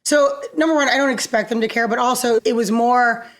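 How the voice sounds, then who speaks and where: A woman with a fairly high voice tells stories in a casual interview, animated and quick to laugh. She acts out other people's lines with sudden leaps in pitch. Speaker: musician guest.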